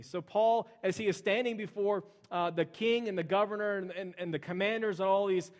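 A man's voice: sits high, fairly even intonation, fairly quick, few pauses. A man preaching a sermon in a conversational way, explaining scripture with frequent fillers like "uh" and "okay". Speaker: pastor.

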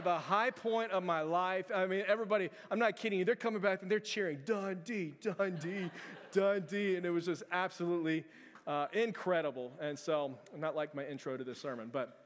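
Middle-aged man, pastor type, lively storyteller with a higher voice, preaching in a church with a long echo. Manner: animated storytelling, acts out scenes in raised voice. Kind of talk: sermon. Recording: long church hall reverb.

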